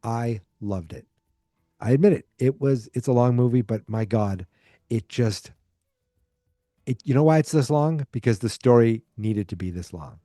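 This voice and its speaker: A man's voice: mid-range voice, moderate pace, dark tone, no echo, studio quality. A man hosting a podcast, rambling casually through a movie review, restarting sentences and acting out quoted lines. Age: adult, alive in 1986. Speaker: podcast host.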